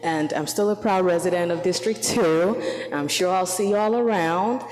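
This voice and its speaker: Low-voiced councilwoman, earnest and grateful. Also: moderate pace, darkish tone. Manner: earnest, holding back emotion. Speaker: outgoing city council member. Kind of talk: farewell remarks. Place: council chamber. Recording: reverberant council chamber.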